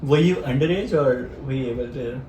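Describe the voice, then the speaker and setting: A man's voice: medium pitch, fairly quick, warm tone. Man asking brief questions in an echoey room. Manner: short questions and brief acknowledgments. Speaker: podcast host. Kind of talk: interviewing. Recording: echoey room, distant mic, faint noise.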